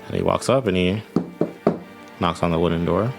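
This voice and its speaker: Gravelly-voiced man running a tabletop game. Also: low-pitched, normal speed, over music. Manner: casual, laughs often. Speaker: game master.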